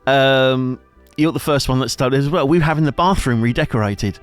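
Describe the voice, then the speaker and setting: A man's voice: mid-range voice, moderate pace. Jokey male co-host, easy banter, light music bed. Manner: jokey, bantering, laughs a lot. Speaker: streamer co-host. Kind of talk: casual chat.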